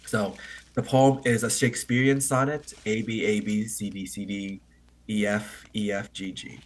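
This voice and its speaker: A man hosting an online English meeting, explaining poetry to learners in a halting, think-aloud way and often checking with "right?". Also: on the low side, little pitch movement.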